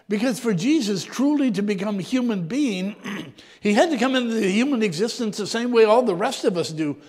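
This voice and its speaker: A man reading scripture and preaching a reflective sermon, often clearing his throat, his voice sometimes dropping low and soft. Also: expressive, normal speed, big-room sound.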